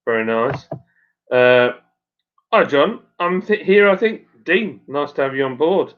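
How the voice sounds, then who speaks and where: A man hosts a relaxed live stream, greeting viewers and reading their messages aloud. His voice rises and falls a lot, and he sometimes stumbles over hard place names. The sound is dull and lo-fi. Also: on the high side, measured pace. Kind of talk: casual live stream chat.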